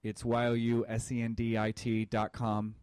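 A man's voice: mid-range voice, monotone, normal speed, darkish tone, clean tone, no echo. A man co-hosting an internet radio show, teasing his partner with dry humor and explaining things plainly. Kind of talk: casual banter on air.

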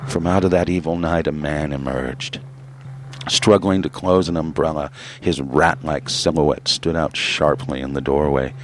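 A man reading a literary story aloud in a measured, grave way with drawn-out pauses. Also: very deep voice, fairly even intonation. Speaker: narrator.

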